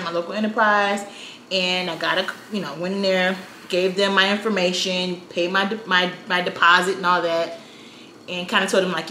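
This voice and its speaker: A chatty woman in her thirties from South Florida tells a personal story in a casual, animated way. Her voice is bright and clear. The room is echoey, with a faint hiss behind her. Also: mid-range voice. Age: 30s. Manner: chatty, animated, uses "you know" a lot. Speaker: storytime vlogger.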